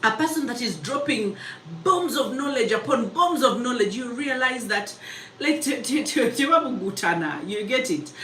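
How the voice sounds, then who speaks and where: A woman coaching a live mentorship session, talking fast and emphatically and reading out comments. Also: a little high, animated, a bit bright, echoey room, distant mic, a little hiss or hum, rough recording. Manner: fast, emphatic, chatty, laughs easily. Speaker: mentor and public speaking coach.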